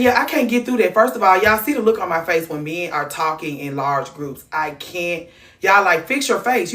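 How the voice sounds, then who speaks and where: A woman's voice: fairly low pitch, a bit bright, far from the mic. Candid woman chatting on a livestream. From Atlanta. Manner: candid, profane, rambling with frequent restarts. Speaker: livestream host. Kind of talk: casual livestream chat reacting to clips and comments.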